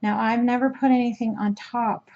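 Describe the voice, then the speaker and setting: A woman's voice: on the high side, steady tone, moderate pace, darkish tone, highs cut off. A woman teaching a crochet trim step by step in a casual, chatty way, with fillers and restarts. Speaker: crochet instructor.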